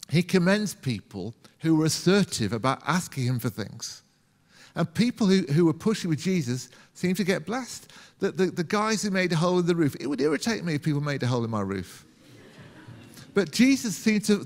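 British man preaching in a reverberant church. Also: fairly high pitch. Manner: conversational preaching with rhetorical questions and acted-out quotes. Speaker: pastor. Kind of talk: sermon. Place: church hall. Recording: long church hall reverb.

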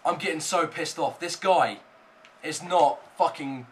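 A man's voice: a little high, unhurried. Man ranting and swearing over gameplay. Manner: ranting, heavy swearing, swings between shouting and muttering. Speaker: gaming channel host. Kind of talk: live gameplay commentary.

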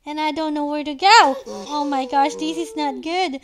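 Mom narrating a game with her kid, super high voice, keeps yelling for help, all excited. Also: normal speed, a little hiss or hum. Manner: animated, frequently exclaiming and calling for help. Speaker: parent playing a video game with her child. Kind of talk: excited gameplay commentary.

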